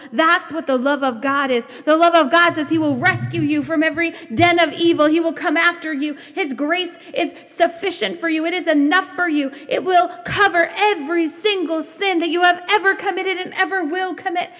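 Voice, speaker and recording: A woman preaching a sermon with impassioned, rising declarations that slow into soft prayer. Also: high-pitched. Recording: long hall reverb.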